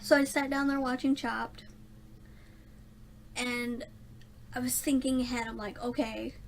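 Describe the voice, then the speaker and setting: A woman's voice: high voice, level tone, measured pace, vocal fry, slight background noise. A young woman rambling through a casual storytime vlog, self-mocking and laughing often. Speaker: vlogger.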